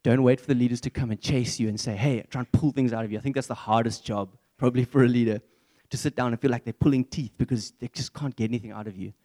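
Earnest young man preaching, mellow voice. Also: medium pitch, steady tone, fast, hardly any pauses. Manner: earnest, conversational, candid. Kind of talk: church sermon.

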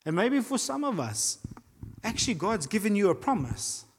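A South African man preaches from the front of a church, animated and acting out the voices in his story. His voice sits a little high for a man. Long reverb from the hall trails each phrase. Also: moderate pace, breathy edge. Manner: animated preaching with acted-out voices and reading aloud. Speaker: pastor. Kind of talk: sermon.

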